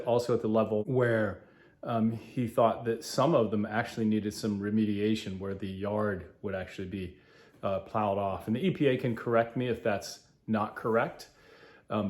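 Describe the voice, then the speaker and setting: A man hosting a podcast, talking in a halting, earnest way with many fillers. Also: lowish voice, fairly even intonation, a little mellow. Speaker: podcast host. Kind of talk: casual spoken commentary.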